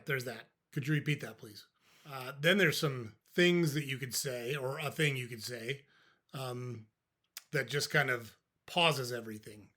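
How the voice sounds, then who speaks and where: A man's voice: mid-range voice, sharp tone. An older man hosting a podcast, giving casual advice in a conversational, dry way and acting out sample replies. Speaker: podcast host.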